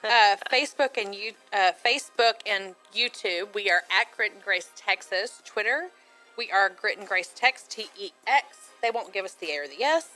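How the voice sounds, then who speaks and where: A woman co-hosting a radio show, briskly reading out the show's contact details in casual chat. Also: mid-range voice, lively intonation, pushed and bright, faint music behind, poor audio.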